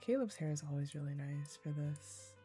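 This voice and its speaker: Lively chatty woman streaming a game. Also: deep voice, moderate pace, over music. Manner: chatty, excitable, giggly, reads game text aloud. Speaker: gaming streamer. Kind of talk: live game playthrough commentary.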